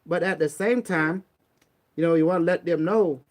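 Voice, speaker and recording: A man's voice: a little high, moderate pace. A man from Cambodia giving blunt, streetwise, preachy advice in a casual motivational talk. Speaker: online talk host.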